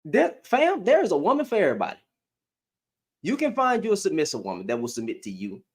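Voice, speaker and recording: A young man with a high, swooping voice delivers a reaction commentary to his webcam at home. He rants and repeats himself, each line rising and falling in disbelief. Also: wildly swooping pitch, quick pace, husky. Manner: ranting, repeats phrases, incredulous. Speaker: commentary vlogger. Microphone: computer webcam.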